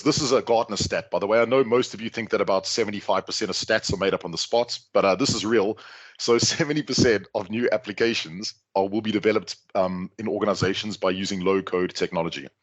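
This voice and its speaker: A middle-aged South African man giving a lively, joking talk to an online audience. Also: on the low side, fairly quick, husky. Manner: lively, jokey, chatty asides. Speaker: guest speaker. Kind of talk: conference talk on a video call.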